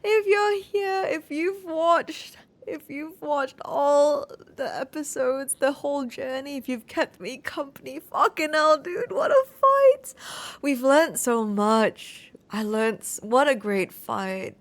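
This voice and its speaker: A woman's voice: high-pitched, takes it slowly. A woman talking herself through a game boss fight, swearing and exclaiming as she plays. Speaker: gameplay streamer. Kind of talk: live gameplay commentary.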